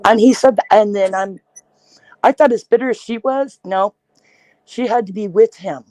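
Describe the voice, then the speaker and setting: Brief: woman podcast host, casual storyteller, from Iowa, dry close sound, lively delivery. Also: medium pitch, normal speed, no room sound, poor audio. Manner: animated storyteller, acts out quoted voices.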